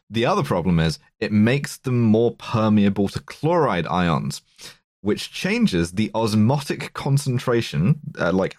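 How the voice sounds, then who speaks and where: A man's voice: low-pitched, a little mellow, dry recording, clean studio sound. A man presenting slides on a casual podcast, explaining food poisoning with nerdy, jokey rambling and frequent ums.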